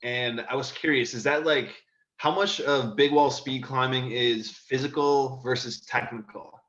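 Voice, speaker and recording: A man's voice: mid-range voice, steady tone, measured pace, a bit bright. A man interviewing a guest, asking long, hesitant, rambling questions. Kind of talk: casual interview. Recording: dull echoey room.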